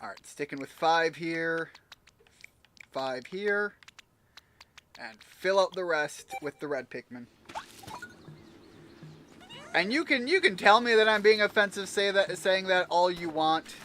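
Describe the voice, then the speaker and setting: A man's voice: sits high, animated, slow, pauses often, bright, forceful tone, a little hiss or hum. A man giving casual, rambling let's-play commentary while he plays a video game, joking and swearing now and then. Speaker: gamer playing a video game. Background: game music.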